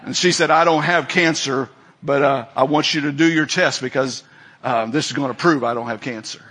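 A man's voice: mid-range voice, normal speed, sharp tone, slightly rough. A middle-aged male preacher giving a folksy sermon, telling stories and acting out the people in them. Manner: folksy storytelling, acts out quoted voices, laughs often.

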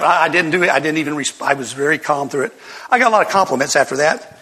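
An older man preaching a sermon, telling folksy stories with sudden loud outbursts. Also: a little high, animated, very fast. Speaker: pastor. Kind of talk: sermon storytelling. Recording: long hall reverb.

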